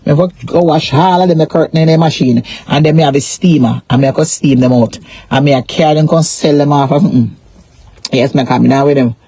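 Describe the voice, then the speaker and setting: A woman's voice: low-pitched, fast talker, dark tone, slightly rough, no echo. A Jamaican woman on a casual live stream, rambling in a repetitive, emphatic way about money, shame and her pain. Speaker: social media personality.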